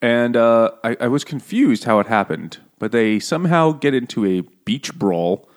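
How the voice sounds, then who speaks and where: A man's voice: mid-range voice, expressive, normal speed. A man co-hosting a book club podcast in casual chat, joking, swearing freely and laughing often.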